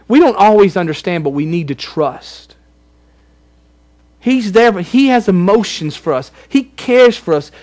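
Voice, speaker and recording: A man preaching a sermon as pastor, earnest and emphatic with lots of repetition. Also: high voice.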